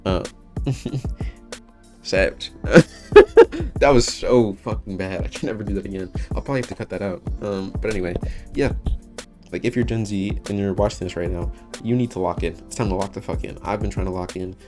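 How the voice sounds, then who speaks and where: Young man in his early twenties, slightly low voice, casual swearing vlog rant with faint music underneath. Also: brisk, a little mellow. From United States. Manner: casual, swearing, laughing, self-interrupting. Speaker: vlogger. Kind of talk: rambling monologue to camera.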